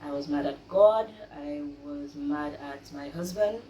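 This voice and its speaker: A young woman telling her own story of grief with faith, speaking softly and haltingly, with many pauses and fillers. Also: mid-range voice, big pitch swings, muffled recording. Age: young adult. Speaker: vlogger sharing her grief. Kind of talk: personal faith testimony. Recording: roomy, distant mic, faint noise.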